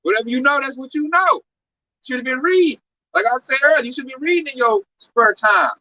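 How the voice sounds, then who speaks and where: A man preaches outdoors on a city street, slangy and exclamatory, his pitch leaping around. His voice is bright and sharp. He is picked up from some distance off, with a faint wash of street noise behind him. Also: animated, brisk.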